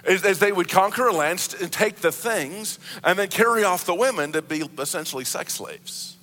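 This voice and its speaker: A man's voice: high-pitched, expressive, normal speed, pushed and bright, long reverb tail. A man preaching a sermon as pastor, earnest, often restarting and repeating words as he explains.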